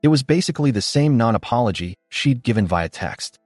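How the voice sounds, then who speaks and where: Casting: male story narrator, low voice with wide swings in pitch, dry close sound, faint music behind. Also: animated, brisk, hardly any pauses, a little mellow, no room sound. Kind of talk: scripted narration.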